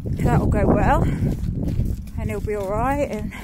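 Chatty British mum on a rainy walk. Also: female voice, medium pitch, slow pace. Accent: British English. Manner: chatty, rambling, laughs often. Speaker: vlogger. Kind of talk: casual chat. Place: outdoors on a rainy country walk. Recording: loud wind and rain noise outdoors.

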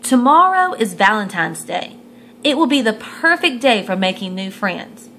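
Woman doing mother shark, storybook, calm, reassuring, gentle, lively pitch. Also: unhurried, a little hiss or hum. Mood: soothing.

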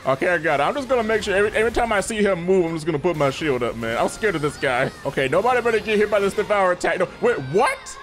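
A man giving excitable, slangy let's play commentary, often yelping into high squeals. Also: very fast, hardly any pauses, slight background noise. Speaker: gaming YouTuber. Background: faint game music.

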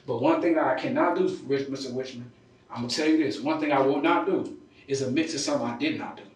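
Fast defensive guy being questioned, street slang, echoey room, mic far off. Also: medium pitch. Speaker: interrogation suspect. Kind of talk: police interrogation. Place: police interrogation room. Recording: echoey room recorded from afar.

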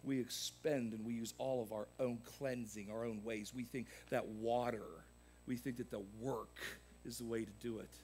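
A man preaching a sermon as pastor, swinging from loud emphatic peaks to quieter asides. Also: mid-range voice, fairly even intonation, normal speed, slight background noise. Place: church sanctuary.

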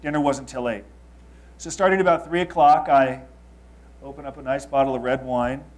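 A man in his thirties from Los Angeles, telling a confessional story to an audience. He swings between loud emphasis and quiet asides. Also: mid-range voice, fairly even intonation, moderate pace. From Los Angeles, United States. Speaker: speaker.

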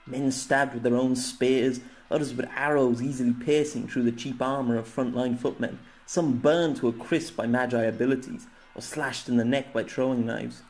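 A man's voice: medium pitch, steady tone, normal speed, hardly any pauses, a little mellow. A man narrating his own fantasy novella as an audiobook, telling it dramatically. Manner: dramatic storytelling, voicing characters. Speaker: narrator and author.

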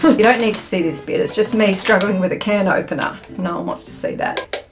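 A woman's voice: mid-range voice, brisk, background noise. A woman chatting casually through a food taste test, enthusiastic and playful, with savoring sounds between bites.

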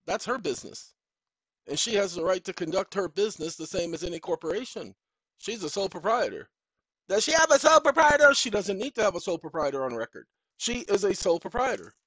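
A man hosting his own channel, lecturing viewers in a combative monologue that swings into loud rants. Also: on the high side, no echo, poor audio. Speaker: channel host. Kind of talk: direct-to-camera monologue.

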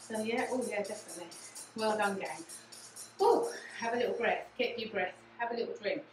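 A woman with an English accent leading a low impact cardio class, encouraging and repetitive in her cues, sometimes out of breath. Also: quick pace. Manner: encouraging, repeats cues like "again" and "yeah". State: out of breath at times. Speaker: fitness instructor. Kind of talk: guided exercise class. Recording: echoey room, distant mic, music. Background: music playing.

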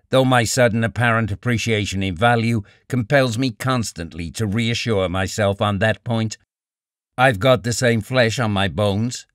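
A man voicing a bitter young male writer who argues in a cool, measured way, read in an audiobook. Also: mid-range voice, no echo, clean studio sound, close to an everyday voice. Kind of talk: audiobook character reading.

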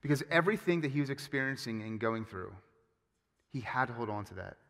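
A man preaching a sermon as pastor, with animated, emphatic storytelling and frequent restarts. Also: mid-range voice, a little fast. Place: church sanctuary. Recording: long hall reverb.

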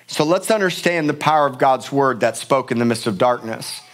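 A man's voice: medium pitch, animated, normal speed. A middle-aged male pastor preaching a sermon in a church, emphatic and passionate, often repeating words for force. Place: church sanctuary.

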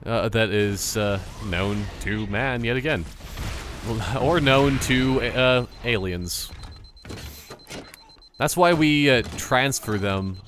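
A man's voice: medium pitch, slow pace, a bit bright, a little hiss or hum. A man giving casual, joking commentary over a video game, rambling and exclaiming often. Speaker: gaming channel host.

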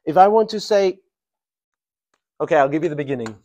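A man's voice: a little high, lively intonation, mellow, muffled recording, slight background noise. Man teaching an English grammar class. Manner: drawn-out emphatic prompting of students.

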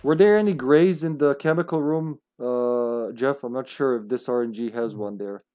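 A man commenting on a live co-op survival game stream, talking casually with plenty of swearing. His voice sits at an ordinary pitch, and he now and then bursts into loud, high laughter. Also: normal speed. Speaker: streamer playing co-op.

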